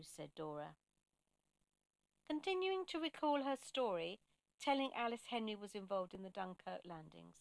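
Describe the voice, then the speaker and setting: A woman reading a story aloud in a gentle, measured narration. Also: mid-range voice, very animated, no echo.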